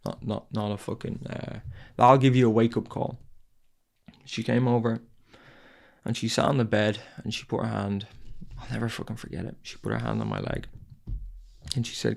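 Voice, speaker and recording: A man's voice: on the low side, creaky, darkish tone. A man hosting a podcast and telling a raw, candid personal story, swearing and repeating his phrases. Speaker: podcast host.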